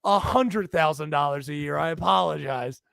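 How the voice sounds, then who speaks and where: High, gravelly man ribbing his co-host. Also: normal speed, a bit bright, no echo. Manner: teasing, profane, mock-scolding. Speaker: podcast co-host. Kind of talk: casual podcast banter.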